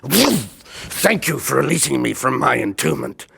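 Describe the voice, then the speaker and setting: A New Zealand man voicing a weary, busy genie in a slow, low, grand voice. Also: very animated, gravelly, slight background noise, exaggerated voice.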